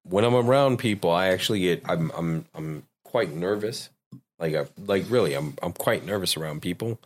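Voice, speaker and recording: A man talking as a podcast guest, drunk and high, rambling in halting, repeated words. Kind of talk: casual chat.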